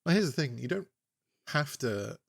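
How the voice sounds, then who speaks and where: A man's voice: medium pitch, very animated, moderate pace, creaky, no room sound. Young guy chatting on a podcast, rambly and self-deprecating, dry close sound. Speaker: podcast co-host. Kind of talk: casual chat.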